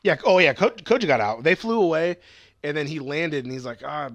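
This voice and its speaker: A man in his thirties, co-hosting a podcast, recapping an episode in casual, animated chat and swearing freely. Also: on the high side, fairly quick, no echo, muffled recording. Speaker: podcast co-host.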